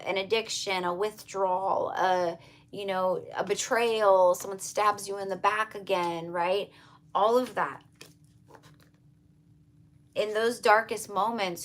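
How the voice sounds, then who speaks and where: A woman giving a casual tarot reading, talking earnestly and repetitively to her viewers. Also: mid-range voice. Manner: earnest, repetitive, emphatic, addresses viewers as you guys. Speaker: tarot reader.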